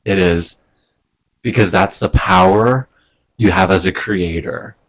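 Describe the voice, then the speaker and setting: Give me a man with a low voice talking slowly and hesitantly in a heartfelt vlog. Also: a little hiss or hum. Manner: rambling, hesitant, emotional with soft laughs. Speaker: vlogger. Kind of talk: casual personal vlog. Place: indoors at home during a move.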